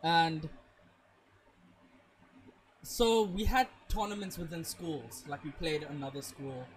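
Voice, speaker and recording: A young man in casual chat, telling an animated story full of swearing. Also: on the high side, slow, slight background noise, poor audio.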